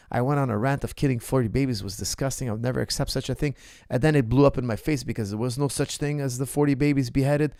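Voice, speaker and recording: A man's voice: medium pitch, steady tone, fast, few pauses, darkish tone, dry recording, studio quality. A man hosting his own ask-me-anything show, arguing his point with passion and firing rhetorical questions at his viewers. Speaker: martial arts coach and show host. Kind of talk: ask-me-anything livestream monologue.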